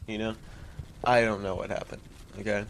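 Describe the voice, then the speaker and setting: A man's voice: on the low side, flat delivery, moderate pace. A young man giving a casual, rambling video commentary, swearing and laughing often, with lots of fillers.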